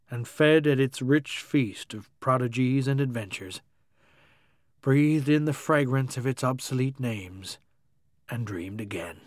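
Casting: male audiobook narrator, measured and literary, dry close-mic sound. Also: mid-range voice, no echo.

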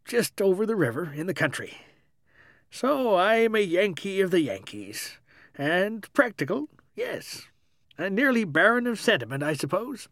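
A man's voice: high voice, a bit bright, dry recording, studio quality, pitched above the performer's own voice, heavily acted. A man reading a story, voicing a practical, boastful Yankee mechanic who talks in a folksy, plain-spoken way.

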